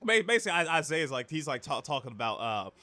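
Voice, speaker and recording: Rambling, animated man retelling an anime. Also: on the high side, fast. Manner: rambling, many fillers, acts out characters' lines. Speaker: podcast host. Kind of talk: casual anime recap.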